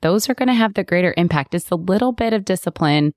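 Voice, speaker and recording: Podcast co-host: an agreeable woman with a low voice, dry close sound. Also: animated, quick pace, darkish tone, no room sound. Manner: chatty and agreeable, builds on her co-host's points. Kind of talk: casual chat.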